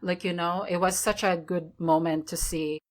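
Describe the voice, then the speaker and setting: A woman's voice: lowish voice, fairly even intonation, moderate pace. A woman hosting an interview, affirming her guest often and asking questions. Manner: warm affirming, many backchannels. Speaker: interview host. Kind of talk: interview conversation.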